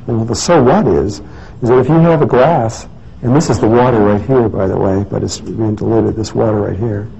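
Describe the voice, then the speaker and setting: The speaker has a fairly low, creaky, warm voice and talks at a normal speed. His casual talk is a rambling story packed with restarts and fillers, captured in a dull lo-fi recording with faint noise.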